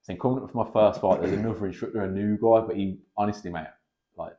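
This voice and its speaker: Fast-talking deep-voiced man. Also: lo-fi sound. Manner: animated storyteller, swears freely, acts out quotes. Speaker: guest, pro kickboxer and striking coach. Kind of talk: casual podcast chat.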